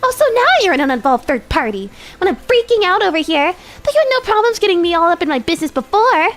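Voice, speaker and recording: A broke young vampire girl in a constant frantic whine, her voice leaping high and all over the place, acted by a woman streamer. She wails and pleads with a bright, excitable energy. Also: fast talker, soft background music. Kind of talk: voice acting a game's dialogue on stream.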